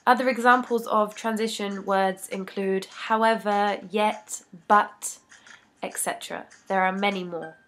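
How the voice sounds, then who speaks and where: A woman reads out an English grammar lesson at a slow, unhurried pace. Her voice sits at a middle pitch, and she delivers each rule and example in a measured, deliberate way. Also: fairly even intonation, fairly bright tone. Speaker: English teacher.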